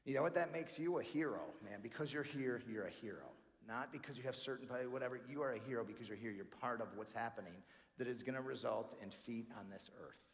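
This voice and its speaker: Energetic stand-up man in a big hall. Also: medium pitch, quick pace, creaky. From New York. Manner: energetic, chatty, calls the crowd friends and man. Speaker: comedian and keynote speaker. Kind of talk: stand-up comedy at a banquet. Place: large banquet hall. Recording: live hall reverb with faint room noise.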